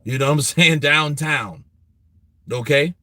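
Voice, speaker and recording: A man hosting a boxing talk show, answering viewers in a casual, animated, profane way, and laughing often. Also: a little high, a little slow, no echo.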